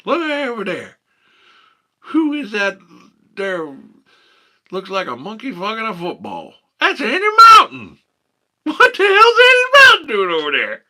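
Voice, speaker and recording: A man putting on a rowdy, excitable backwoods country man with a put-on drawl, hollering and cackling. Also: sits high, unhurried, pauses often, voice pushed up, exaggerated voice.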